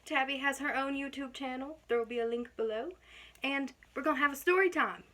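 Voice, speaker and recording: A young adult woman hosting a casual chat, upbeat and quick to laugh. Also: high-pitched, pushed and bright. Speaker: channel host.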